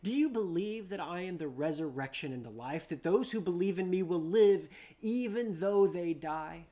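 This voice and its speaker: A preacher voicing Jesus as a calm, gentle man asking questions. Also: mid-range voice, normal speed, lightly acted.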